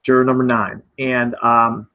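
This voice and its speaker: A man's voice: medium pitch, level tone, measured pace, highs cut off. A man hosting a casual film discussion, recapping the plot and leading the talk. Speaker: podcast host.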